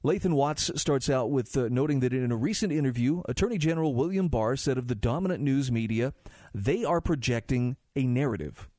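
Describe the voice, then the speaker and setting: A male talk radio host, speaking in a mellow, darker tone at a middling pitch. The sound is dry and close, with little room around it. He talks conversationally, reads passages aloud and breaks in with his own asides. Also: no echo. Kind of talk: talk radio monologue and ad read.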